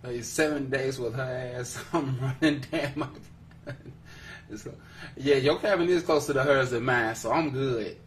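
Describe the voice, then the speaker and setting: A man hosting a relaxed podcast chat, with a voice of middling pitch that breaks into laughter and playful teasing. He sits a little back from the mic, and a faint hiss sits under the recording. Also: unhurried, distant mic. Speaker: podcast host. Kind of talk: casual chat.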